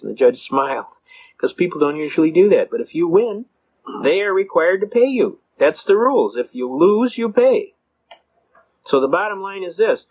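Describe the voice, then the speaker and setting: A man's voice: fairly high pitch, lively intonation, a little fast, slightly rough. A middle-aged American man telling courtroom stories in a blunt, folksy way. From United States. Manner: folksy, blunt, repeats words when starting a sentence. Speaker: speaker on self-representation in court. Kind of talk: folksy storytelling lecture. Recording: dull lo-fi recording.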